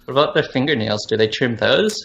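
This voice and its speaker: A man's voice: mid-range voice, expressive, fast, gravelly, a bit bright. A man co-hosting a podcast, chatting casually and asking dry, curious questions. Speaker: podcast co-host. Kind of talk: casual chat. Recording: dull lo-fi sound.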